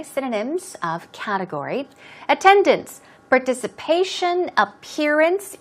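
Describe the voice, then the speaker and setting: A woman teaching English expressions, explaining words patiently and modeling pronunciation. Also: on the high side. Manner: clear, patient, drawn-out teaching delivery.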